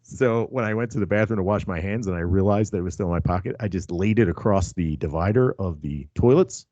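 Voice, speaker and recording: A man's voice: deep voice, quick pace, dark tone, no echo, dull audio. A man hosting a podcast, telling a crude story in casual chat. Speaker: podcast host.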